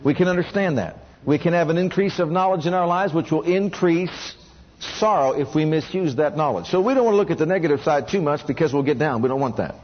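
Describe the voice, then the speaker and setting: Male preacher, high and breathy-husky, questioning call-and-response sermon, muffled lo-fi recording. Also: quick pace. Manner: asks the congregation questions and has them repeat lines.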